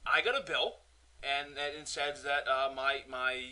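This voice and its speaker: Young man, podcast co-host, rambling storyteller, stammering, very bright voice. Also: medium pitch, fairly even intonation, measured pace, smooth. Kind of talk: casual chat.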